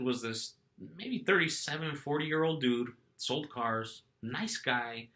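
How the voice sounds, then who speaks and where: A man's voice: medium pitch, pushed and bright. A middle-aged man vlogging, telling a story casually and animatedly, acting out quotes and restarting his phrases.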